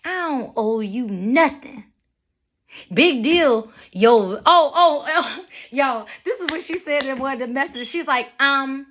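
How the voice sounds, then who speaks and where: A young adult woman talks straight to her audience in a bright, fairly high voice. Her rant is blunt and full of profanity, and she mocks the people in her story as she tells it. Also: unhurried. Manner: blunt, profane, animated storytelling with mocking asides. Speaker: vlogger. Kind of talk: ranting monologue to camera.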